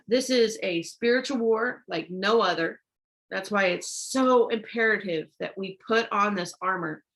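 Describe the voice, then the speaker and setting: A woman gives an informal online sermon, reads scripture, and urges listeners on with "okay?" and "y'all", stumbling and restarting when she rushes. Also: medium pitch, a bit bright. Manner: urgent and exhortative, repeats herself, frequent "okay?" and "y'all". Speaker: online preacher.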